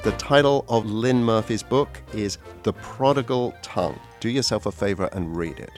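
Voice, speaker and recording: A man's voice: fairly low pitch, moderate pace, music in the background. An American man presenting a radio feature, speaking in a wry, conversational way. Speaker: radio host and reporter.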